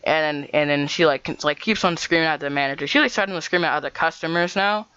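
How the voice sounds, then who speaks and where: A man recounting a story for his channel, wandering through it with restarts and "like" at every turn. His voice is fairly high and bright, with a smooth, clear tone. The recording is dry and sounds dull, like a cheap mic. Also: fast, no echo. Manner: rambling, full of fillers and restarts. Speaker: vlogger. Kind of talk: storytime vlog.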